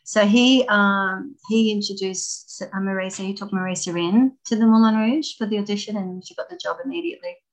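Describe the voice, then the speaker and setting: A middle-aged woman, a former dancer, telling stories as an interview guest, animated and laughing often. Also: mid-range voice, fairly quick, hardly any pauses, poor audio. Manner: animated, laughs often, acts out voices in anecdotes. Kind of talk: casual storytelling.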